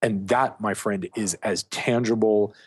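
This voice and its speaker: A man's voice: lowish voice, fairly even intonation, a little slow, breathy edge. A man guest on an interview, a coach speaking casually and emphatically with lots of fillers. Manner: emphatic, storytelling, heavy on fillers like "like". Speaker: guest, dating and sex coach.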